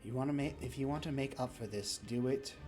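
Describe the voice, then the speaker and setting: Man doing a stern dragoness boss for a tabletop game, reproachful, voice pushed high and loud, soft music under. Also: fast talker, natural voice. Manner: reproachful, raises voice in outrage. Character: stern female dragon leader, scolding and disappointed.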